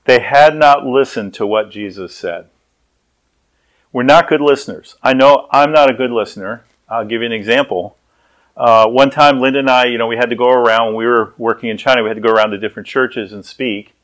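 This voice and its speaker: Brief: male pastor, mid-pitched, conversational preaching, animated storyteller. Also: brisk, poor audio. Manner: storytelling, acts out voices. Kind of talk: sermon.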